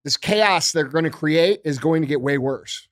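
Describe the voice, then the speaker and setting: A man's voice: on the high side, normal speed, fairly bright tone, no echo, clean studio sound. Intense swearing man ranting on a podcast. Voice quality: intense, heavy swearing, repetitive rhetorical questions. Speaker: podcast host. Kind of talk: profane political rant.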